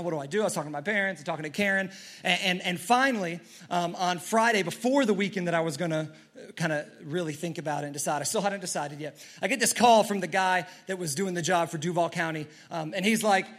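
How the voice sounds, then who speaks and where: A male preacher with a fairly high voice delivers a sermon from a church stage. He tells his story earnestly, stumbling over restarts and moving from loud to quiet. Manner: earnest storytelling with many restarts and swings in loudness. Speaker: pastor.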